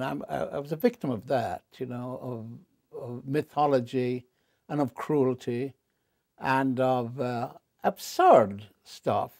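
Man, gravelly voice, dry close sound, wry animated storyteller, quiet on serious points. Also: no room sound. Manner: wry, animated storyteller who jumps up in pitch for punchlines; drops low and quiet on serious confessions. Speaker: interview guest. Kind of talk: candid interview monologue.

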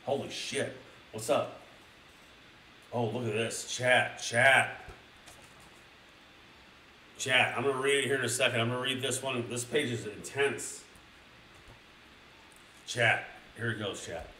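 A young man streaming a crude comedic storybook reading, excitably addressing his chat. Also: medium pitch, takes it slowly, long pauses, far from the mic. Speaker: streamer reading a children's book. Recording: roomy, a little off-mic, faint noise.

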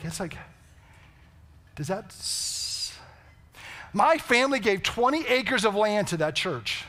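A man's voice: sits high, a bit bright. A man preaching a sermon, telling stories and asking the congregation rhetorical questions. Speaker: pastor. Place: church sanctuary.

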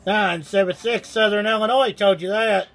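Man, CB operator, high voice, folksy radio lingo, phone mic. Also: fairly even intonation, normal speed, vocal fry, a loud crowd. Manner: folksy, uses radio call-sign lingo. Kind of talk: CB radio chat. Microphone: iPhone.

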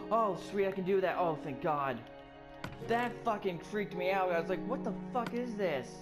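A let's play gamer narrates live gameplay, jumping between startled yelps and muttered asides while swearing constantly. The voice sits at a middling pitch. Clear background music plays under the talk throughout.

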